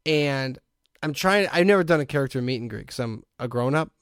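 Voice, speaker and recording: A man hosting a podcast, telling a long story in a casual, animated way and often breaking into laughter. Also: mid-range voice, a little fast, clear, resonant tone, dry recording, studio quality. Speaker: podcast host.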